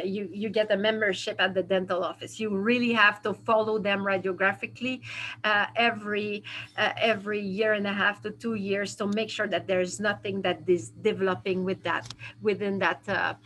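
A woman with a French accent teaches dentists in a live webinar. She talks from her office in a halting way and fills her pauses with "uh". Her voice comes through a video call. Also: mid-range voice, little pitch movement, a bit bright, a little hiss or hum, low-quality recording. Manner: halting, many fillers and restarts. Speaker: dental educator. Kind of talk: webinar lecture with Q&A. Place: dental office.

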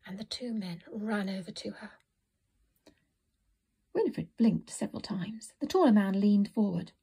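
A woman narrating a children's storybook in a soft, often whispered reading voice. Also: mid-range voice, normal speed, creaky, breathy edge.

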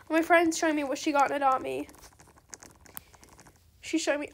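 A young woman giving chatty, excitable commentary on her own game trades, talking straight to her viewers. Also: sits high, moderate pace, gravelly, long pauses, a little hiss or hum. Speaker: gaming video creator. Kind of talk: casual gameplay commentary.

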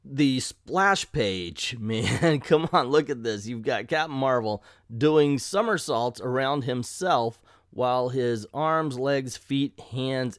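A man's voice: mid-range voice, no echo, studio quality. A man hosting a casual comedic comic book review, sarcastic and exasperated.

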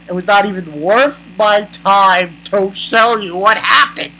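An excitable reviewer rambles through a manga chapter in a bright, cutting voice. They exclaim and laugh as they go, with a faint hiss in the background. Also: medium pitch, measured pace, few pauses, rough recording.

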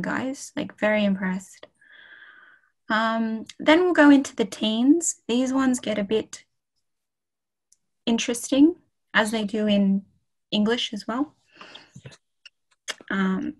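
A woman's voice: a little high, measured pace, pauses often, rough recording. A young woman tutoring a beginners' French class online, chatty and encouraging, with frequent fillers. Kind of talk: online language lesson.

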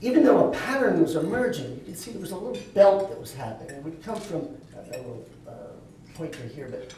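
A man's voice: high voice, expressive, fast talker, warm tone, slight background noise. A man giving a keynote talk at a dinner event, telling a long anecdotal story with touches of light humor. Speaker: keynote speaker. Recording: echoey hall, voice from far off.

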